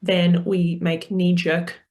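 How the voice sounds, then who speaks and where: A woman's voice: fairly low pitch, level tone, slow, darkish tone. A woman speaking as a parenting coach guest in a podcast interview, earnest and explanatory, with frequent fillers and restarts.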